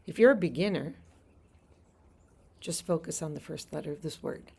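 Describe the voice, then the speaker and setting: A woman's voice: low voice, expressive, normal speed, creaky, mellow, breathy edge. A woman teaching a Greek lesson on a live stream from a house deck outdoors. She explains things patiently and laughs easily.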